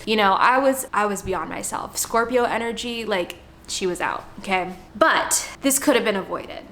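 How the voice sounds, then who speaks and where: A young woman speaking straight to her viewers in a casual vlog, with a mid-range voice. She talks frankly and expressively in relaxed, slangy language. Now and then she acts out what she was thinking to herself. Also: mid-range voice, slight background noise. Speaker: vlogger and podcaster. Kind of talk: candid personal vlog talk.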